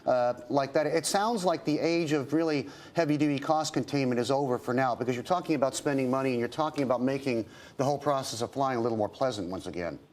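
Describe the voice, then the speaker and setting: A male business news anchor poses long, looping questions, stumbling over restarts and slipping in wry jokes. His voice sits at an average pitch for a man, in a studio setting. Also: quick pace, darkish tone, slight background noise. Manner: rambling, joking questions with restarts. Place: television studio.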